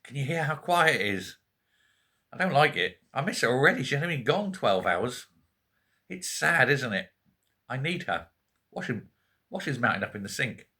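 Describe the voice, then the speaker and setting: A Scottish man in a quiet home, chatting casually to camera about politics with joking asides and frequent self-corrections. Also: medium pitch, big pitch swings, normal speed, long pauses. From Scotland. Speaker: political vlogger. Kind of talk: casual rambling commentary to camera.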